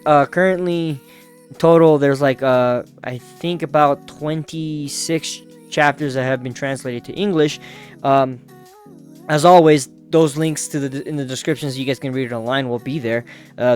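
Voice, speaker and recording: A man hosting a casual manga recap who talks loosely, laughs often, swears and uses many fillers. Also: medium pitch. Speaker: manga review host.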